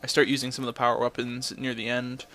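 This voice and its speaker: A man's voice: medium pitch, level tone, fast, bright, forceful tone. A young man ranting in a blunt, profane way, telling a story and then commenting on his game footage. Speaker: gameplay commentator.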